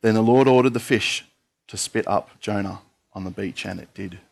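A man preaching a sermon, reading scripture aloud in a steady voice with an occasional filler. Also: on the low side, normal speed, vocal fry, slightly rough.

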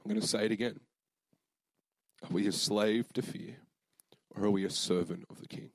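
A young man preaching in a low voice, telling a story casually and earnestly, with plenty of fillers. The sound is close and dry, with almost no room echo. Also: steady tone, normal speed. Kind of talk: sermon storytelling.

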